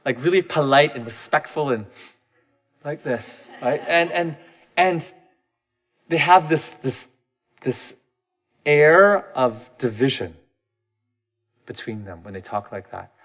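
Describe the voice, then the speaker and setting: A man's voice: fairly high pitch, lively intonation, slow pace, pauses often, fairly bright tone. Guy in his 30s doing a personal reflective talk, candid, kinda self-deprecating, restarts a lot.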